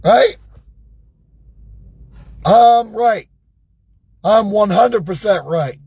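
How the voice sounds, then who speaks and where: A worked-up man ranting sarcastically in a vlog from inside a vehicle, his voice going hoarse. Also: high-pitched, extremely slow, darkish tone, no room sound. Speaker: vlogger. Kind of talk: angry ranting monologue.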